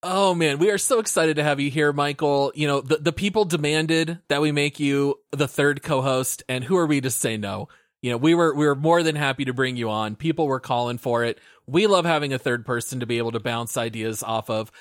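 A man's voice: medium pitch, a little fast, dry recording, studio quality. A man hosting a gaming podcast, reading the intro in an upbeat, announcer-like way and then chatting casually. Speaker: podcast host.

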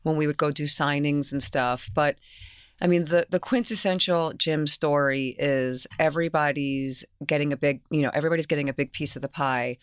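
A woman's voice: low voice, fairly even intonation, moderate pace, clear, resonant tone, no echo, clean studio sound. A woman from New York with a New York accent, a guest actress in an interview who tells candid stories, laughs often and acts out what people said. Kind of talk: casual interview storytelling.

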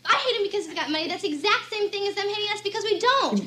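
A woman's voice: very high voice, expressive, racing, sharp tone, a little hiss or hum, exaggerated voice. A defiant working-class teen girl. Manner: defensive, insistent. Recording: played film clip with faint ambience.

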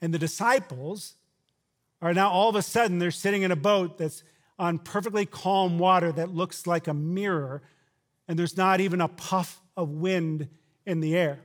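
A man preaching a sermon who shouts out quoted lines and then drops to a low, quiet delivery. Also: normal speed. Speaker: pastor.

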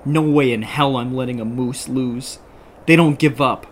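A man voicing an easygoing, dim sidekick in a comedy skit, tossing off offhand deadpan quips. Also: medium pitch, moderate pace, a little hiss or hum, close to an everyday voice. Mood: nervous.

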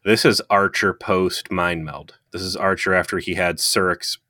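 Low-voiced man reviewing with energy. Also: steady tone, normal speed, sharp tone, dry recording, studio quality. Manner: earnest, analytical, with frequent um and uh. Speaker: podcast co-host. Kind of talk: casual review chat.

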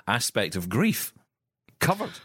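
A Scottish man co-hosting a podcast, chatting casually with self-deprecating jokes and quick asides. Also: fairly low pitch, huge pitch swings, bright, forceful tone, breathy edge, dry recording. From Scotland. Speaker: podcast co-host. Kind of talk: casual banter.

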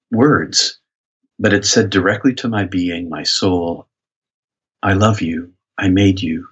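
A man's voice: low-pitched, fairly bright tone, breathy edge. An American pastor talking as an interview guest, telling a personal story earnestly and reflectively, often restarting his phrases. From United States. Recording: dull lo-fi sound.

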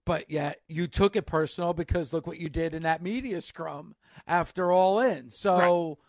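A man's voice: on the high side, normal speed, dry recording, studio quality. A man hosting a wrestling talk show, chatting casually and chiming in with short replies. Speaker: podcast host.

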